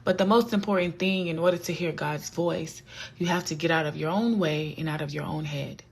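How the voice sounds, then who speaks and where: A woman's voice: deep voice, a little fast, gravelly, slight background noise. A woman vlogger giving a casual, earnest faith talk that often repeats her points and turns preachy.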